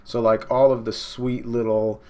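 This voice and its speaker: A man hosting a live comic reaction, chatting loosely with plenty of fillers and half-finished thoughts. His voice sits at an ordinary middle pitch. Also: flat delivery, unhurried, darkish tone, smooth. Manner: casual, many fillers and trailing off. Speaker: reaction video host.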